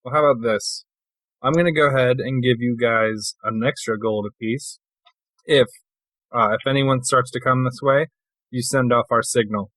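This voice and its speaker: A man's voice: mid-range voice, steady tone, moderate pace, fairly bright tone, no echo. A man playing in a tabletop role-playing game, chatting casually and cracking jokes. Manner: joking and playful, often laughing. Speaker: player.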